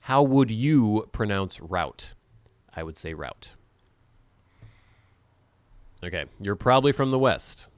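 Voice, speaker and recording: A man's voice: lowish voice, animated, slow pace, long pauses, no room sound. A young man, chatting casually in a vlog, reading quiz questions aloud and musing over how he pronounces words, with playful sarcastic asides. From Pacific Northwest of the USA. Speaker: vlogger.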